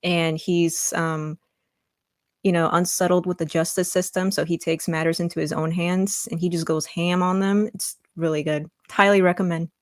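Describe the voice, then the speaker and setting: A woman's voice: fairly low pitch, level tone, moderate pace, no room sound, clean studio sound. A woman guest on a casual livestream chat, talking enthusiastically and giving blunt opinions.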